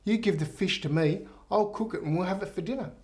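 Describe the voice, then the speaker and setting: A man's voice: high-pitched, fast talker, a little mellow, voice pushed up, natural voice. A man voicing a prim older female Mother Superior in a told joke, easily shocked. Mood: pleased.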